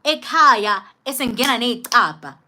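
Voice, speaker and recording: A young woman with a South African accent telling a storytime vlog in an animated, emphatic way. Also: on the high side, a little slow. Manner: animated, code-switching, emphatic. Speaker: vlogger.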